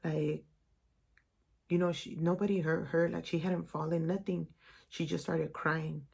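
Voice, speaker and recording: A young vlogger haltingly recounts something painful for her viewers, her emotional storytelling full of "um"s and "like"s. She speaks low and darkish, with little pitch movement and a gravelly vocal fry running through it.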